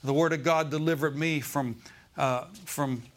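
A man's voice: fairly high pitch, fairly even intonation, unhurried. Male pastor, sermon, church, call-and-response asides. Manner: preaching with call-outs of "Amen?" and "Okay?".

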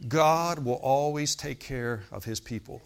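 A man's voice: mid-range voice, unhurried, vocal fry, clean tone. Man preaching, emphatic with "amen" calls. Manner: emphatic, repetitive, frequent "Amen?" calls to listeners. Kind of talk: sermon. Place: hotel meeting room.

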